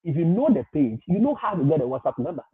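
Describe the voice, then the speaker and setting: A man's voice: a little high, sing-song, quick pace, husky, no echo. A man hosting a livestream and giving advice, talking emphatically, repeating his points and often laughing. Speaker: livestream host. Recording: tinny phone-like audio.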